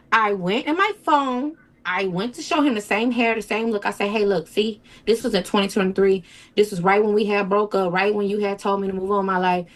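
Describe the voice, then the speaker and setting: A woman guest in an interview, telling a personal story in a halting, emotional way and acting out what people said. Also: medium pitch. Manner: tells events with quoted dialogue, emotional, halting.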